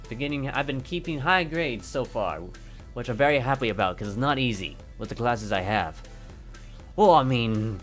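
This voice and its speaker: A teenage boy chatting casually on his vlog, jokey and self-mocking, into a desk mic at home. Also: mid-range voice. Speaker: YouTuber. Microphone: desk mic on stand. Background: soft background music.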